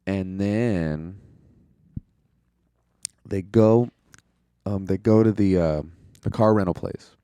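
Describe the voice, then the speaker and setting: A man's voice: low voice, slow pace, pauses often, dark tone, smooth, no room sound. A young man casually recapping a movie as a reviewer, loose and profane, full of "like", laughing at his own jokes. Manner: loose and profane, heavy use of "like".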